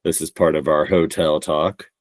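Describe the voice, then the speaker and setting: A man's voice: a bass voice, level tone, moderate pace, dry recording. A man co-hosting a podcast in playful, rambling casual chat, laughing often. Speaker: podcast co-host.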